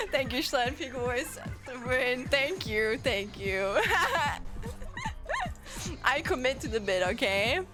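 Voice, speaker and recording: A German woman streamer with a somewhat high voice chats casually and slowly with her chat in a German accent, laughing a lot. Her banter is giggly and self-deprecating, with game music playing in the background.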